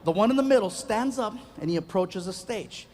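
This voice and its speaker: Stand-up comedian, male, animated storyteller, faint hiss behind. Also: high-pitched, a little fast. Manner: animated storytelling, many put-on voices. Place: live stage before a large laughing crowd.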